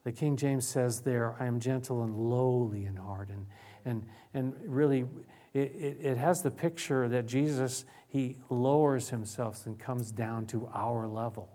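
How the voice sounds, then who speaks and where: A man preaches from the pulpit in an ordinary, middle-pitched voice. He stumbles and repeats words, then leans into loud, drawn-out emphasis before sinking into hushed, almost whispered phrases. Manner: repeats words and restarts often. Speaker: pastor. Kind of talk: sermon.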